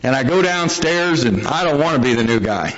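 A man's voice: medium pitch, animated, brisk, fairly bright tone. A middle-aged man telling a humorous recovery story to an audience in a folksy, jokey, plain-spoken way. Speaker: speaker sharing a recovery story. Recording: dull lo-fi recording.

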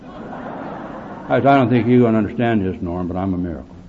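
A man speaking at a recovery meeting, telling his story bluntly with gruff, dark humor. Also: on the low side, a little fast, in a large hall, a faint crowd. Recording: tinny phone-like recording with faint hiss.

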